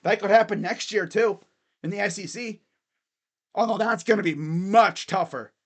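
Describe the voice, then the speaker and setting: A man's voice: a little high, a bit bright. A man streaming casual college football chat, thinking aloud and rambling with fillers and restarts. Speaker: sports streamer.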